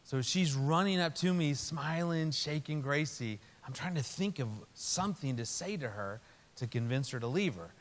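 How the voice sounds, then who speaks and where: A man's voice: a little high, normal speed. A man telling a family story in a sermon, acting out the voices of the people in it. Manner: animated storyteller, acts out quotes. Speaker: speaker. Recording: hall reverb.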